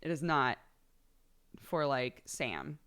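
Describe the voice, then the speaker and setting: A woman's voice: rumbling low, big pitch swings, slow, a bit bright, clear, resonant tone. A young woman chatting casually on a live stream, laughing often and swearing offhandedly.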